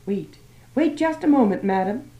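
A woman's voice: big pitch swings, unhurried, creaky, lo-fi sound. A woman voicing a sleek, fussy male florist with a prim manner. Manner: prim, then shrill. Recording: roomy old archive recording.

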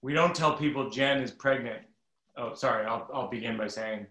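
A middle-aged man reading a funny personal story aloud from his book at a virtual event, with quick self-correcting asides. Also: mid-range voice, pushed and bright, echoey room.

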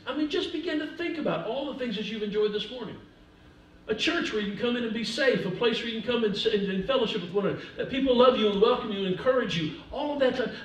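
A man, an older pastor, preaching a sermon with humor, swinging between soft asides and loud emphasis. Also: high voice, slight background noise. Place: church sanctuary. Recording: echoey church from a distance.

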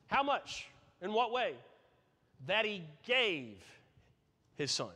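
A high-voiced man preaching to his congregation, posing earnest questions and hammering home emphatic points. His voice rings out into a church hall with a long reverb tail. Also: normal speed, bright, forceful tone. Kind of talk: sermon. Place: church sanctuary.

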